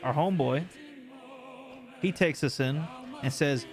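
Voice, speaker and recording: A young man casually commenting on a story game for his livestream chat, animated and joking as he recaps what happened. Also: a little high, a little slow, over music.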